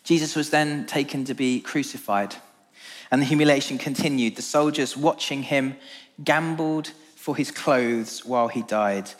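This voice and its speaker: A man preaching a sermon and reading scripture aloud, earnest and measured, dropping low and slow for emphasis. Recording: long reverb of a large hall.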